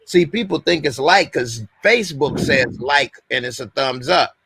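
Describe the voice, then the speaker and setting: A man's voice: mid-range voice, moderate pace, gravelly, background noise. A man hosting a live call-in stream, talking in a loose, conversational way and going on at length. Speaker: host. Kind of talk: casual call-in chat.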